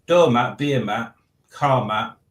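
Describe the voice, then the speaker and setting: A man's voice: mid-range voice, takes it slowly, roomy sound. A man hosting a live stream from home, casually chatting and reading out the chat with dry, playful teasing. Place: home room.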